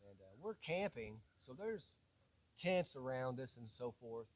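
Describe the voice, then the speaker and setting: A man hosting a casual chat outdoors, telling a funny story with lively energy. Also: medium pitch, a little slow, a little hiss or hum, rough recording. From southeastern Kentucky. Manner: animated, playful storyteller. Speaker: podcast host.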